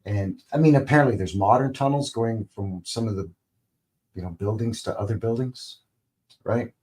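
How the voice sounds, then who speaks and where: Low-voiced man rambling on a live stream. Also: normal speed, darkish tone, slight background noise. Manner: rambling, conversational, lots of "you know" and "right?". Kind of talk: casual live-stream chat.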